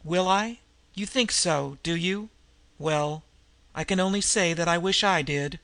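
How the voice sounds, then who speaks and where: A man voicing a sick, desperate woman criminal in disguise, who speaks in a hoarse, labored voice with slangy underworld talk. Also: sits high, a little slow, fairly bright tone, no room sound.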